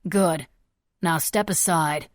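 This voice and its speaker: A woman's voice: low-pitched, takes it slowly, dry recording. Woman playing unhinged young thug, crude, menacing, audiobook, dry. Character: young man, jittery violent armed villain.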